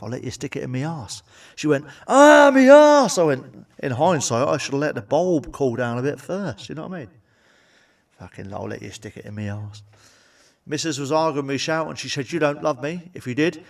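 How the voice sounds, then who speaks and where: A man's voice: mid-range voice, far from the mic. A man doing crude stand-up comedy, blunt and sweary, with frequent asides to the audience. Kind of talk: crude stand-up joke telling.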